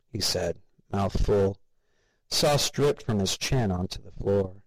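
A man's voice: fairly low pitch, slow pace, dry recording, low-quality recording. A man narrating a story as an audiobook reader, voicing the characters himself. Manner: steady, gravelly, reads all the voices. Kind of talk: scripted narration.

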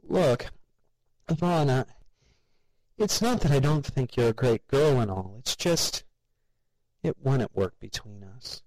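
A man's voice: medium pitch, lively intonation, slow pace, long pauses, a little mellow, no echo, pitched above the performer's own voice, low-quality recording. Man doing a nervous office worker. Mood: awkward.

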